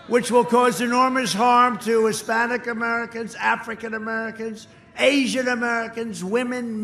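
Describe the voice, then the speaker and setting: Man boasting at an echoey campaign rally. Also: very high voice. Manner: boastful, mocking, repetitive; shouting phrases to a crowd. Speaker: candidate speaking at a campaign rally. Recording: echoey sound system with crowd noise.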